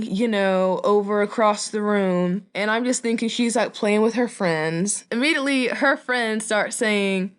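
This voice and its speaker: A young woman tells a personal story in a chatty, animated voice. She laughs now and then as she goes, and her pitch sits in the middle range.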